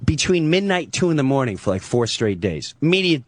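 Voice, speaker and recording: Animated, profane storytelling man. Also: mid-range voice, a little fast, dry recording. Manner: excitable, profane, restarts and acts out voices. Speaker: comedian guest.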